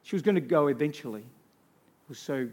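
A man delivering a sermon in a fairly high voice. He swings between hushed, intimate storytelling and loud, rousing calls to the congregation, with emphatic, repeated phrases. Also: lively intonation, moderate pace. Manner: emphatic, repetitive lists. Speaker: pastor.

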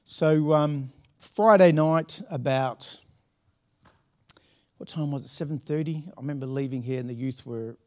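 A man's voice: a little high, measured pace, a little mellow. A middle-aged man, a pastor telling a story from the pulpit in a chatty, laughing way with many restarts. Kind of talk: sermon anecdote.

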